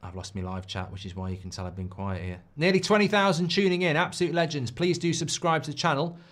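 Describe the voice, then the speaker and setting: A man's voice: on the high side, lively intonation, fast talker, a bit bright. A man hosting a live football watchalong, chatting casually and reading out viewer messages between comments on the match. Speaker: football livestream host.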